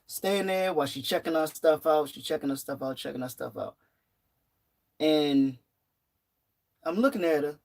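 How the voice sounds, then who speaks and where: A young adult vlogger casually telling a story from work, animated and repeating phrases for emphasis. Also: medium pitch, moderate pace, pauses often. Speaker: vlogger and retail worker.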